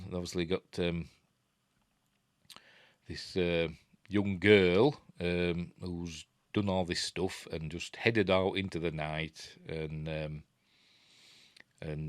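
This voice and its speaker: Deep-voiced Yorkshire man chatting about a film. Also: fairly even intonation, slow pace, clean tone, no room sound, studio quality. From Yorkshire, England. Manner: rambling, chatty, many fillers. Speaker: film reviewer. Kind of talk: casual film breakdown commentary.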